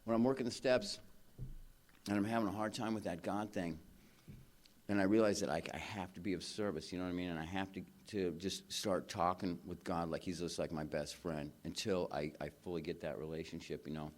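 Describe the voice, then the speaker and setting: Low-voiced man sharing his recovery story. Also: fairly even intonation, fairly quick. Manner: earnest, rambling, fills with "man" and "you know". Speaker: recovery convention speaker. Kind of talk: personal recovery share. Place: convention stage before a live audience.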